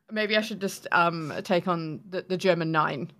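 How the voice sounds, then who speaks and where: A woman with an Australian accent, co-hosting a podcast in casual chat, chatty and quick to laugh. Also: lowish voice, a bit bright. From Western Sydney, Australia. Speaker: podcast co-host.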